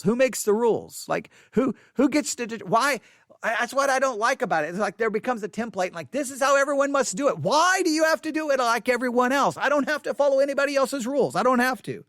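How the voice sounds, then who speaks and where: A man hosting a solo podcast, talking off the cuff in an animated, repetitive way with many restarts. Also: sits high, dry recording, clean studio sound. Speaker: podcast host. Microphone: studio microphone.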